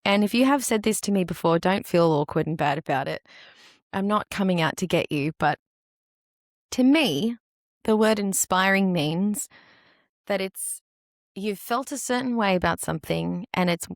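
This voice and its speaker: A woman in her thirties hosting a solo podcast, talking candidly and with feeling, her voice brightening whenever she quotes other people. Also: lowish voice, no room sound, studio quality. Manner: earnest, candid, animated when quoting others. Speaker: podcast host and dance teacher.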